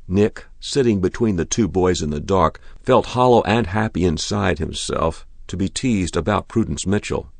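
A man narrating a short story in a measured, deliberate reading. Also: low-pitched, gravelly, darkish tone, no room sound.

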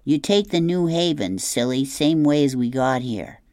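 A woman's voice: deep voice, lively intonation, moderate pace, a little mellow, dry recording, clean studio sound, voice pushed up. A woman voicing a practical young boy with a matter-of-fact, teasing way of talking.

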